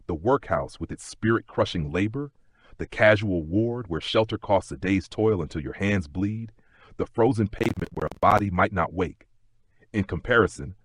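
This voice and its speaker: A man narrating a history sleep story in a slow, gentle second-person telling. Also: low voice, breathy edge, no room sound.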